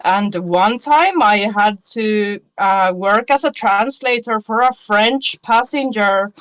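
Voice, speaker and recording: Slow-talking woman with a background. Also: mid-range voice, fairly bright tone, smooth, dry recording. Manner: chatty, storytelling. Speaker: guest. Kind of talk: casual interview chat.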